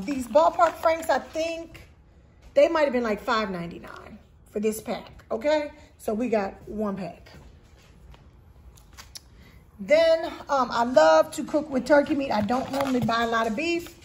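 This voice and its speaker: A woman's voice: fairly high pitch, creaky, darkish tone. A woman hosting a casual grocery haul video at home, chatting straight to her viewers. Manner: chatty, keeps addressing viewers directly. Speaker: vlog host.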